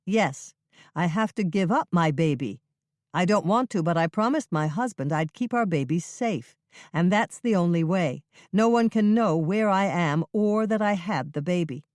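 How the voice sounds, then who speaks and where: Young widow in hiding, voiced by the narrator, earnest and steady. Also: mid-range voice, normal speed, no echo, studio quality, lightly acted. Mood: resolute. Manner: earnest, pleading, firm. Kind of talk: audiobook reading.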